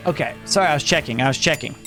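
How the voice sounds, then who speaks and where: A man with a slightly high voice talks very fast over music while streaming a video game. He rambles casually in reply to his chat and keeps correcting himself.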